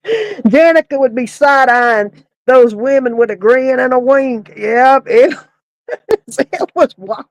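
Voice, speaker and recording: A woman with a high voice tells a story from her work at a funeral home in a casual way. She keeps breaking into laughter as she goes. The sound is close and dry, with no room around it. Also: animated, takes it slowly, no room sound, lo-fi sound. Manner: laughing often while telling the story.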